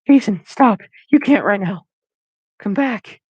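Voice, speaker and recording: A frantic teenage boy, put on by a man, pleading in a strained, raised voice that edges toward sobbing. The delivery is slow and gravelly underneath. It sounds dull and lo-fi, like a home recording. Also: darkish tone, dry recording. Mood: tearful. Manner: high strained pleading voice, breaking into sobs. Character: teen boy, anxious, pleading, tearful.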